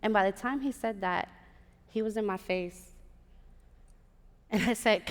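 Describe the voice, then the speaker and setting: Animated woman storyteller in a theater. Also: medium pitch, takes it slowly, long pauses. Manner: lively, animated, acts out quoted voices. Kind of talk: live stage storytelling. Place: large theater stage. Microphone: stage microphone. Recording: long theater reverb. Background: live audience.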